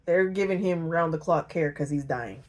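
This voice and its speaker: A woman casually retelling a novel, slangy and joking, briefly acting out the characters' lines in quick voices. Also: sits low, a little mellow. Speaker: book retelling video host. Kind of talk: casual comedic story retelling.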